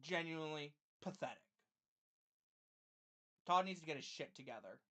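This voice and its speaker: A woman's voice: sits low, animated, moderate pace, a bit bright. A woman streaming a live fan reaction, calling plays and then ranting angrily with heavy swearing. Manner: play-by-play calling of the game.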